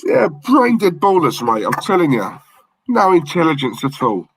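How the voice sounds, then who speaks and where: A man's voice: on the high side, moderate pace, slightly rough, no room sound. A man co-hosting a live football watch-along stream, chatting to viewers and reacting to the match. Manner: chatty, thanks viewers in the chat, excitable at the match. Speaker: fan channel co-host.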